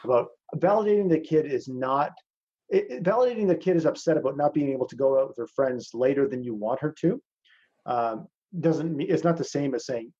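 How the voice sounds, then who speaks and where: Blunt, cursing man with a husky voice. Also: mid-range voice, brisk, dark tone, lo-fi sound. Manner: blunt, swears freely, talks to listeners as "man". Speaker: presenter teaching a masterclass. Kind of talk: casual teaching talk.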